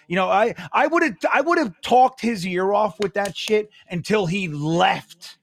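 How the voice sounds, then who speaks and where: A man's voice: high voice, animated, unhurried, gravelly, hardly any pauses. A man co-hosting a casual sports talk show, blunt and grumpy, swearing freely as he rants. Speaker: podcast co-host.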